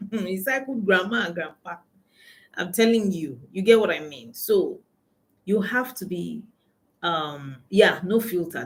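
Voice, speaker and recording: A woman with a Nigerian accent, a money coach giving an emphatic motivational talk, repeating key lines and asking her listeners questions. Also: fairly low pitch. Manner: laughs often while telling anecdotes.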